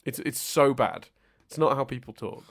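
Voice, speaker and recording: A man co-hosting a casual podcast chat, his voice swinging widely in pitch as he rants. He sits at a middling pitch, self-mocking and quick to laugh at his own gripes. His runs all through the conversation. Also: vocal fry. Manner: animated, self-mocking, ranting. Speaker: podcast co-host.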